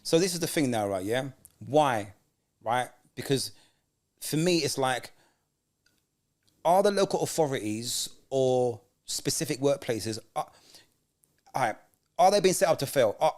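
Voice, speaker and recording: A man co-hosting a casual podcast chat, telling animated stories and acting out what people said. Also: medium pitch, measured pace, long pauses. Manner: animated storyteller, acts out quoted voices. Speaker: podcast co-host.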